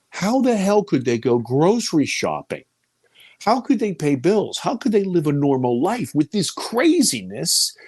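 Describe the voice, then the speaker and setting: A man in his fifties telling a personal story in an interview, with a pitch that leaps and falls as he talks. He swings from loud exclamations down to hushed near-whispers. The sound is dry and close, with no room echo. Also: husky. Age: 50s.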